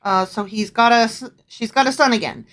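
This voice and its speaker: A woman co-hosting a podcast in easy casual chat. Her voice sits a little high. She is playful and swears freely, and she throws in dramatic asides while reading scripture aloud. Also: a little fast, fairly bright tone. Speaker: podcast co-host.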